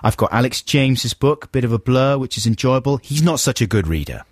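A man's voice: mid-range voice, expressive, brisk, dry recording. A man chatting casually as podcast co-host, speaking with enthusiasm and starting many phrases over. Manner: chatty, enthusiastic, with frequent restarts. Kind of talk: casual chat.

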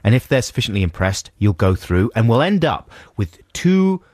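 A man's voice: on the low side, moderate pace, no room sound, clean studio sound. A man co-hosting a radio show, chatting in a jokey, rambling way. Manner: jokey, rambling, lively banter. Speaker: radio host. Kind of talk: casual radio chat. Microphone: studio mic.

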